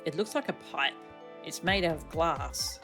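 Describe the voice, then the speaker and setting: A woman's voice: low-pitched, normal speed, over music. A woman streamer giving playful, chatty commentary while playing a game. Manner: chatty, playful, laughs between lines.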